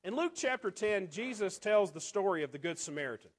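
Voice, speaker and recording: A man preaching a sermon in a conversational way, asking the congregation rhetorical questions and often dropping to quiet asides. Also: sits high, animated, a little fast.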